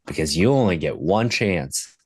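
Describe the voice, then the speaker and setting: A man in his thirties with a fairly low voice speaks as a podcast guest and sobriety coach. He tells stories from his own life in an earnest, conversational way. The recording is dry and close. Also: expressive, moderate pace, a little mellow, breathy edge, dry recording. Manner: earnest storyteller, retelling moments from his life.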